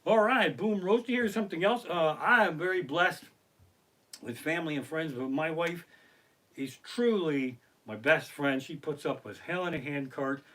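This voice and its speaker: A middle-aged man, a comedian telling profane, animated stories during a live stream from his living room. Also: a little high, moderate pace. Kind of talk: live-streamed comic storytelling. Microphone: basic home streaming setup.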